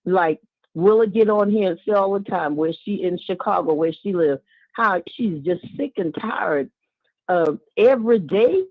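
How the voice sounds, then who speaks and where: A woman calling in to a radio show, speaking heartfelt and casual, with warm asides and repeated words. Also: mid-range voice, animated, measured pace, no echo. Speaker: caller. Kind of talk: casual call-in talk. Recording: tinny phone line.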